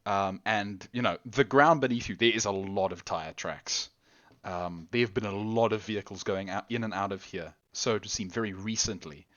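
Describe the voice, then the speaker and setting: A man's voice: fairly low pitch, moderate pace, fairly bright tone, muffled recording. A man narrating a tabletop role-play game as game master, rambling and correcting himself. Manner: rambling, self-correcting, laughs often.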